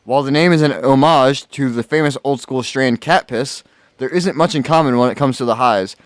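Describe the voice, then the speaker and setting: A man co-hosting a casual podcast with a low-key, dry delivery, reading out a product description. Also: a little fast, no echo. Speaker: podcast co-host.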